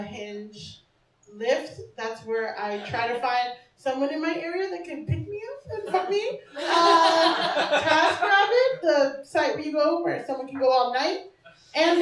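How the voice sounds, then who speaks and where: A woman's voice: sits high, distant mic. A woman doing stand-up comedy in a small bar, talking brashly and conversationally and laughing at her own jokes. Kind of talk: stand-up set. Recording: echoey bar room with laughing crowd. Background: audience laughter.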